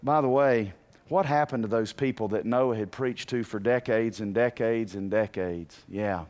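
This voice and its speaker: A man preaching a sermon in an animated way, asking the congregation questions and rising to shouts. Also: lowish voice, moderate pace, a little hiss or hum. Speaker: pastor.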